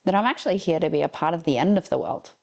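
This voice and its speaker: Low-voiced halting woman guest. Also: expressive, vocal fry, muffled recording, crowd noise. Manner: halting, searching for words. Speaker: podcast guest. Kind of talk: casual spiritual chat.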